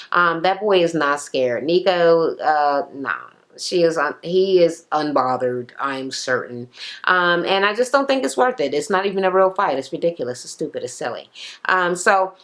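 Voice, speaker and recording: A woman's voice: lively intonation, normal speed, a bit bright. A woman giving a blunt, profane, casual recap of a reality show, slipping into exaggerated quoted voices. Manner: blunt, sassy, heavy swearing, acts out quotes in raised pitch.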